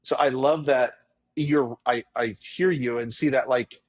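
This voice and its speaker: A man's voice: mid-range voice, fairly even intonation, a little slow. A man hosting an interview, thinking aloud with restarts and encouraging his guest. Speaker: podcast host. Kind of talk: interview conversation.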